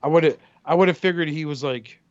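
Profane rambling man, slightly high voice. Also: moderate pace, dull audio. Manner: profane, rambling storyteller, acts out quotes. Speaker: podcast co-host. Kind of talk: casual chat.

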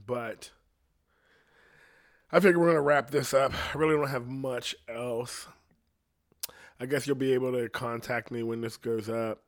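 A man of middle pitch hosts his own podcast alone, thinking out loud. He drifts from one odd idea to the next, swearing freely and checking in with "you know what I mean" as he goes. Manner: loose, profane, rambling with many "you know what I mean". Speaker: podcast host. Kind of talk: rambling solo podcast rant.

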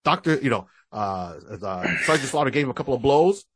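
Husky male podcaster retelling cartoon plots. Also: medium pitch, animated, a little fast, fairly bright tone. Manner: storytelling, recounts cartoon plots and quotes characters. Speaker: podcast co-host. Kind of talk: casual chat.

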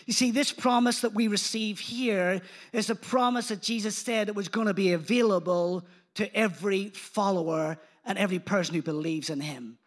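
A man preaching a sermon in church, animated and engaging the congregation, retelling scripture in casual speech. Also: high-pitched, moderate pace, few pauses. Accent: non-local accent.

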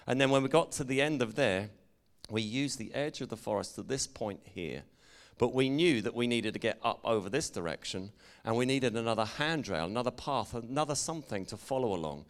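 A man's voice: mid-range voice, lively intonation, a little fast. An English preacher telling a playful, jokey story to his congregation and teasing the listeners as he goes. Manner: playful, jokey, engages the audience.

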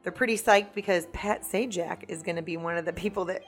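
A woman co-hosting a podcast in a studio, chatting excitably and sometimes losing her words mid-sentence. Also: lowish voice, brisk, faint music behind. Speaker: podcast co-host. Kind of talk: casual podcast chat. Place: recording studio.

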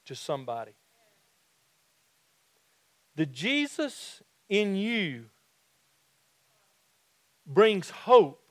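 High-voiced Southern preacher, folksy and earnest. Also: male voice, fairly bright tone, dry recording. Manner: folksy, repeats and restarts phrases, slows for emphasis. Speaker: pastor. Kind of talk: sermon.

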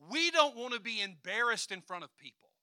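A man preaching a sermon, swinging from quiet asides to loud declarations and acting out voices. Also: very high voice, animated, fairly quick, smooth, dry recording, clean studio sound.

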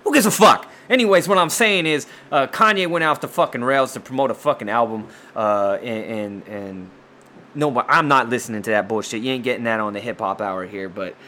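A man hosting a show, ranting casually with heavy cursing, stammered restarts, and swings between loud outbursts and low muttering. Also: fairly quick, slight background noise. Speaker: podcast host. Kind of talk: profane casual rant.

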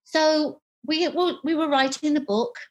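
A woman's voice: high voice, measured pace. A middle-aged woman, an author and psychotherapist, telling a personal story in an interview and acting out remembered dialogue. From United Kingdom. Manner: animated, acts out remembered dialogue.

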